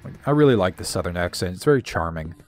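A man co-hosting a casual gaming video, chatty and quick to yell at the game as he plays. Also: deep voice, expressive, faint music behind. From American South. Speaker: co-host playing a video game.

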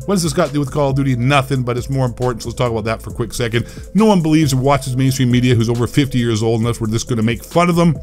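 A man's voice: medium pitch, rapid-fire, hardly any pauses, a little mellow, faint music behind. Sarcastic man ranting about games. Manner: sarcastic, provocative rant. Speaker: gaming commentator. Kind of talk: ranting video commentary.

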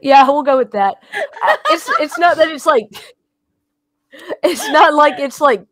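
A woman's voice: sits high, lively intonation, slow, fairly bright tone, no room sound. A woman co-hosting a casual panel chat, hesitant and giggly, often trailing off mid-thought. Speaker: co-host.

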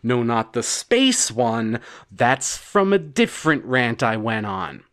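Slow, rambling male comic storyteller. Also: medium pitch, big pitch swings, a bit bright, clean tone. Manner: rambling, halting, with stammered restarts. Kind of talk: absurdist comedic monologue.

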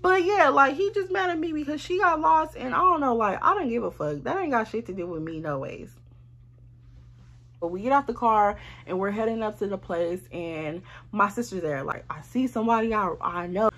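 A young woman, telling a storytime tale in a casual, animated, profane way. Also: on the high side, normal speed. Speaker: storyteller vlogger.

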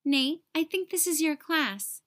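A woman doing a gentle encouraging mom. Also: high-pitched, lively intonation, measured pace, dry recording, clean studio sound, voice pushed up. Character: kind, supportive mother.

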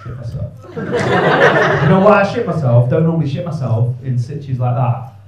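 A man's voice: fairly high pitch, very animated, normal speed, far from the mic. A man doing stand-up crowd work, bantering cheekily and swearing with the audience on a comedy club stage. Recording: echoey club, mic heard from afar.

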